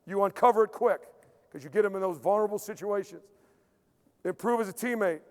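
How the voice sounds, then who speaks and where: A man, a strength coach, giving an emphatic conference lecture, repeating key points and dropping into quiet acted-out asides. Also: high-pitched, fairly quick. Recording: long hall reverb.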